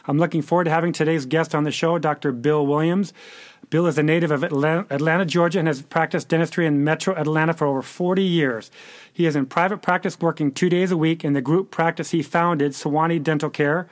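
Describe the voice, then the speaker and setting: A man's voice: a little high, fairly even intonation, fairly quick, dry recording. A man hosting a podcast, chatty and often stumbling over his words. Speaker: podcast host. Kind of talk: casual interview hosting.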